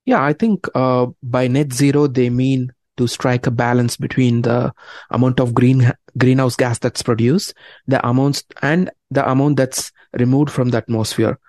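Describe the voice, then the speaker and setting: Measured male researcher explaining as a guest. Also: mid-range voice, fairly even intonation, darkish tone, no echo. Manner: measured, explanatory, some fillers. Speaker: environmental science researcher, guest. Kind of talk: interview answers.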